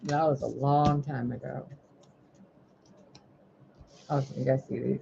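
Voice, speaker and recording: A tarot and oracle card reader muses playfully on a livestream, addressing the cards directly. He speaks slowly in a gravelly, medium-pitched voice with little pitch movement, over a muffled recording with faint hiss.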